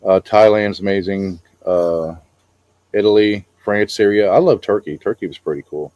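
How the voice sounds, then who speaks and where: A man's voice: sits low, normal speed, lo-fi sound. A middle-aged man co-hosting a casual chat, rambling about travel with many fillers. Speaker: co-host.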